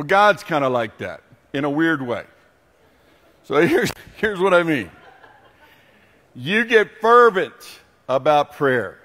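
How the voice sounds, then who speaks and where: A pastor preaching a sermon, a man telling stories with animation and then turning quiet and earnest. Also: fairly high pitch, in a large hall.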